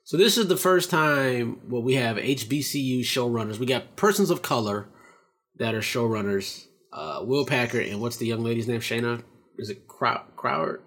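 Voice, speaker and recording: A man's voice: mid-range voice, moderate pace, a bit bright. A man co-hosting a casual podcast chat, arguing his point in an emphatic, profane way. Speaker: podcast co-host.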